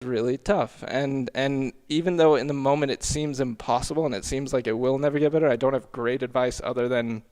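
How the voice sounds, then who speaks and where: A young man speaking emotionally and sincerely in a personal chat, with a halting, hesitant delivery. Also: mid-range voice, steady tone, darkish tone.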